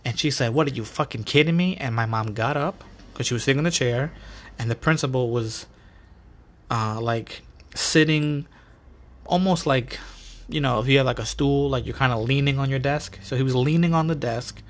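A man hosting a podcast, telling stories in a casual, animated and profane way full of slang. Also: medium pitch, normal speed. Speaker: podcast host. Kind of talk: casual storytelling.

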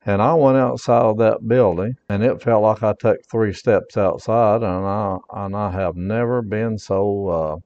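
An earnest male pastor preaches a personal testimony, his voice low and mellow. He stresses his points twice over and reads scripture passages aloud. The sound is dull and lo-fi, like a home podcast recording. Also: fairly even intonation, measured pace, few pauses, big-room sound.

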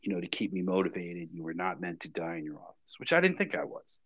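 A man co-hosting a podcast, telling a story in casual chat with a dry, deadpan manner. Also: deep voice, quick pace, husky, no room sound, highs cut off. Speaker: podcast co-host.

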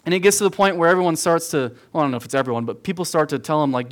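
Rapid-fire and expressive, with hardly a pause, a man with a slightly high voice preaches verse by verse as a youth pastor. He's earnest and emphatic, repeating phrases for stress and calling the young crowd in the room "guys."

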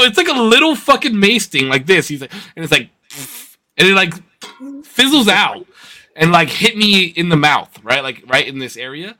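A man co-hosting a podcast, telling a story in a loose, profane, animated way. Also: a little high. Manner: profane, animated, swears constantly. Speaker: podcast co-host. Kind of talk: casual storytelling.

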